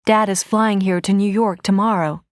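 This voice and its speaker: A calm mother delivers her news in a plain, matter-of-fact way, slightly lower than the reader's own voice, as a woman reader voices her. It is a dry, close storybook reading. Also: normal speed, no echo, natural voice. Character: calm mother speaking to her teenage daughter.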